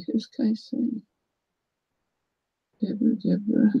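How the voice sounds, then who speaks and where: A woman's voice: fairly high pitch, animated, unhurried, long pauses, lo-fi sound. A middle-aged woman with a New Zealand accent, hosting a casual craft livestream and chatting with viewers as she works. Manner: chatty, greets viewers while working.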